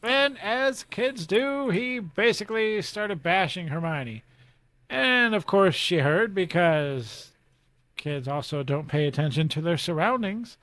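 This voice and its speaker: A man co-hosting a casual book discussion podcast, retelling the story in a quick, joking way. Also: high voice, expressive, a bit bright, no room sound. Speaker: podcast co-host.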